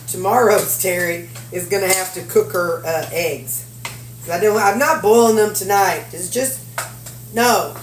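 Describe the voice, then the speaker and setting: Measuring ingredients and cooking, a middle-aged woman from Missouri keeps up casual, folksy chatter for her viewers and herself. Her mid-range voice is picked up by a faraway mic in a spacious kitchen, with slight background noise and clattering dishes and utensils.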